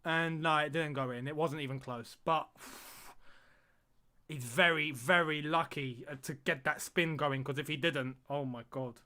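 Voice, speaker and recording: A man with a fairly high voice for a man calls a live match from his streaming desk. He chats loosely to his viewers, laughs easily and yelps when something happens on the pitch. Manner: excitable, chatty, quick to laugh and cry out at the action. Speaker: streamer hosting a football watch-along. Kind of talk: live casual match commentary and chat.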